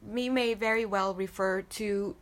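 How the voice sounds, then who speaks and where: Woman, tarot reading, casual, chatty, talks to viewers, medium pitch. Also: fairly even intonation, a little slow. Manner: chatty, laughs often, addresses viewers as guys. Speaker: tarot reader.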